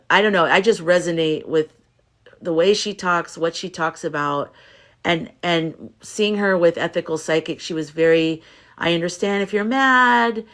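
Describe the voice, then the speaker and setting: A tired woman from the United States hosting a casual livestream, chatting softly and reassuringly as she reads viewer comments. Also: fairly low pitch. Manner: soft, rambling, reassuring, reads chat messages aloud. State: tired from little sleep. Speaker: livestream host, spiritual reader.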